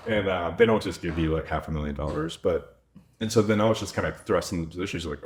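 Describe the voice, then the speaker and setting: A man in his thirties with a deep, low voice talks casually about his work as a vet. He tells stories loosely and acts out quoted conversations along the way. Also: quick pace. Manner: chatty, quotes himself and others, lots of "like". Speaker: veterinarian and clinic owner. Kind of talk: casual podcast storytelling.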